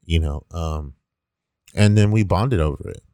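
Very deep, mellow-voiced young man. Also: a little slow, smooth, dry recording. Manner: rambling, heavy use of 'like', swears casually. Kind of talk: casual conversational storytelling.

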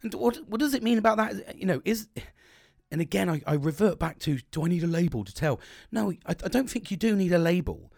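A man's voice: sits high, big pitch swings, fairly quick, gravelly, darkish tone, dry recording, studio quality. A man hosting a podcast, talking casually, swearing a lot and rambling with restarts. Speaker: podcast host.

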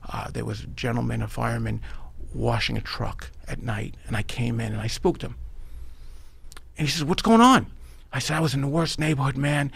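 A middle-aged man from New York with a New York accent, a podcast guest telling his life story in an animated, emphatic way. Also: mid-range voice, brisk, vocal fry, breathy edge. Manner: animated, emphatic, addresses the host by name. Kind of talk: storytelling in a conversational interview.

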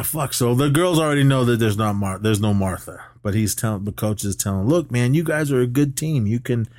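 A man casually recapping a movie for a podcast, jumping in and out of the characters' lines as he tells it. His voice sits at an ordinary pitch. The sound is dry and close, with no room around it. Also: dry recording. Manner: animated retelling, acts out characters' lines. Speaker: podcast co-host.

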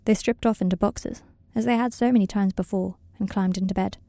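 A woman reading a story aloud in calm, even scripted narration, recorded close to the mic. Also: mid-range voice, a little fast, dry recording. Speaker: audiobook reader.

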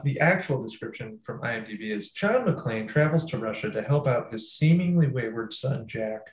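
A man hosting a casual movie-review podcast, leading the talk with sarcastic, quick storytelling. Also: mid-range voice, reverberant, low-quality recording. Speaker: podcast host.

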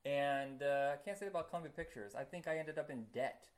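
A man chatting casually as a podcast co-host, rambling with many fillers and quick to laugh. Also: a little high. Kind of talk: casual chat.

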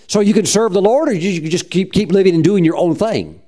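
Fervent preaching pastor, mellow voice. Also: male voice, sits high, brisk, few pauses. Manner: fervent preaching, repeats "praise God", acts out quoted voices. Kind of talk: sermon.

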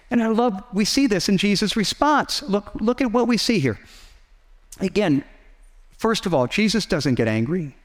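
A man's voice: high voice, lively intonation, moderate pace, in a large hall. A man preaching a sermon as pastor, earnest and conversational, with frequent restarts and asides.

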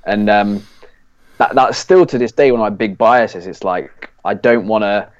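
A fitness coach chatting on a podcast, reflective and relaxed, with sudden emphatic bursts. His voice is fairly low, and the recording is dry and a little dull. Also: a little fast, no echo. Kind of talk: casual podcast chat.

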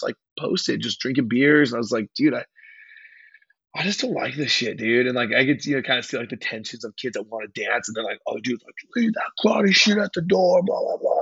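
Brief: young male guest, rambling slangy storyteller, husky voice, dry close sound. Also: mid-range voice, a bit bright, dry recording, lo-fi sound. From California. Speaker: hardcore band vocalist, podcast guest. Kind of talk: casual interview chat.

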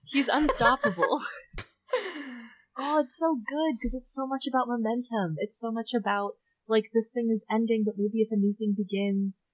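A woman co-hosting a podcast, recapping a story in animated casual chat, acting out quotes and laughing. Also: a little high, normal speed, no room sound, low-quality recording. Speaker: podcast co-host.

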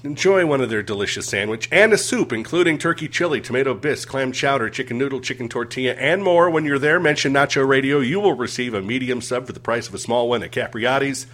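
A man co-hosting a podcast, reading sponsor spots in a brisk, matter-of-fact way. His voice sits at an everyday middle pitch. He moves between the ad copy and dry asides. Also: a bit bright. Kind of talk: casual podcast banter and live-read ads.

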